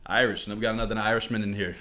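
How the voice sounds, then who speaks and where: Low-voiced laughing podcast host. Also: male voice, fairly even intonation, racing, sharp tone, a little hiss or hum. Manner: laughing often, teasing, loose profanity. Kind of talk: casual late-night chat.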